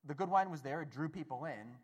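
A man giving a storytelling talk to an audience, animated and acting out voices, often stammering and restarting. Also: fairly high pitch, fast talker, husky. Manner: animated, acts out the voices in his stories. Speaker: speaker at a Catholic gathering.

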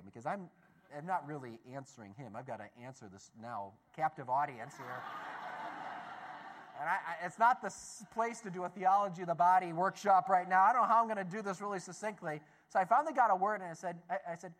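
A man giving a talk as a Catholic speaker, telling a story to an audience in an animated way, swinging between loud and soft. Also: high-pitched, brisk.

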